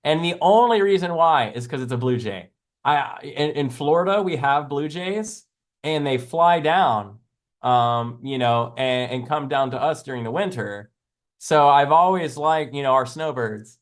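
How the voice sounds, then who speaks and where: A man's voice: on the high side, a little slow. A man hosting a live trading stream, chatting casually in a rambling, jokey way and laughing often. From American South. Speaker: live trading show host.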